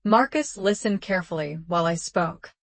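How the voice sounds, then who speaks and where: A woman narrating a first-person drama story in a calm, measured, even way. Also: lowish voice, vocal fry, no room sound.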